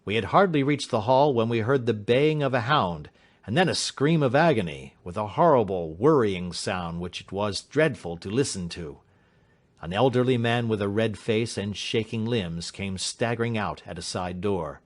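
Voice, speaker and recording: A man giving a measured, dramatic audiobook narration. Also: fairly low pitch, expressive. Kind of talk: scripted narration.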